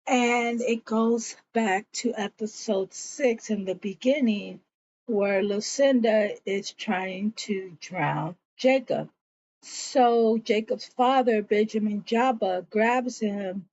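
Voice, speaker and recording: A TV series reviewer recaps an episode in a chatty, casual way, acting out bits of the characters' lines. Her voice is medium-pitched with a darkish tone, and she takes her time. The dull audio has no echo.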